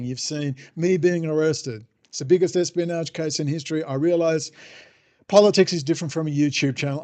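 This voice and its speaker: A man's voice: mid-range voice, a little mellow. A man ranting sarcastically in a monologue as podcast host. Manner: irreverent, sarcastic, mocking voices.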